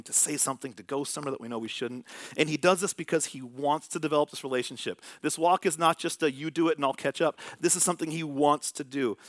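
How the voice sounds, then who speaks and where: A middle-aged man preaching in a relaxed, conversational way, telling stories and sinking into soft, hushed tones when he drives a point home. His voice sits at an ordinary pitch. The sound is dry and close. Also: dry recording. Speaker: pastor. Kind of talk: sermon.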